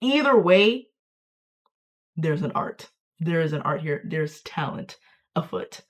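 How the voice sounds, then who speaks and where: A young woman vlogging in a casual, playful, self-mocking way, reacting to her old online posts with sudden jumps in pitch and loudness. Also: flat delivery, unhurried.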